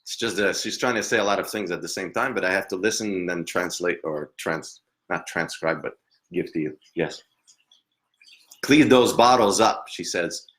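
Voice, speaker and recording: A man working as a psychic medium, giving a live reading in a hesitant, halting way with frequent laughs. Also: deep voice, fairly even intonation, bright, forceful tone.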